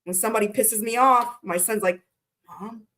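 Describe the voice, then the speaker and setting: A woman's voice: on the high side, fairly quick, fairly bright tone. Blunt, chatty woman tarot streamer. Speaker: tarot reader. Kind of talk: casual live-stream tarot reading.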